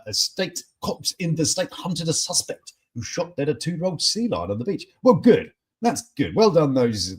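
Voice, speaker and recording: A husky, higher-than-average male voice belongs to the host of a morning news chat stream. He keeps things casual and live, cracking jokes and chatting back at what viewers comment.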